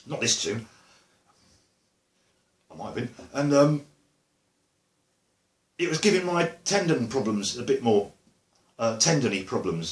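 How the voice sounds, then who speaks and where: A man's voice: mid-range voice, reverberant. A man with an Essex accent, a musician chatting casually to camera, rambling and joking with lots of fillers and asides. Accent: Essex English. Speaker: musician vlogger.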